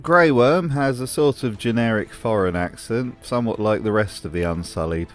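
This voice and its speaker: A man's voice: on the low side, moderate pace, soft background music. A man delivering scripted commentary as a video host, in a dry, mocking manner.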